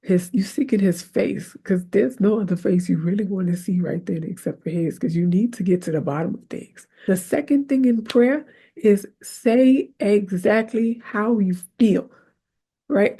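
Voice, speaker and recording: A woman's voice: medium pitch, slightly rough. A woman hosting a faith podcast, talking casually and animatedly, often checking in with "right?" and laughing easily. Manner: conversational, keeps asking "right?"; animated, acts out her own prayers aloud. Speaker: podcast host. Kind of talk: faith-based motivational talk.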